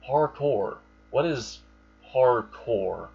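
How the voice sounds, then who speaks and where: A man's voice: mid-range voice, lively intonation, drawn-out words, vocal fry, darkish tone, slightly rough, exaggerated voice. A man voicing a polite, earnest young woman in a hesitant way, barely changing his own voice, on a dull lo-fi recording. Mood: puzzled. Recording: dull lo-fi sound.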